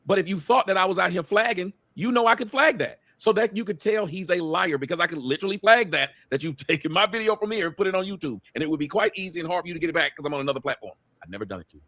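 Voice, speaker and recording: A man talking fast on a casual panel show, arguing his side with a lot of swearing. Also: high voice, lively intonation, sharp tone, no room sound.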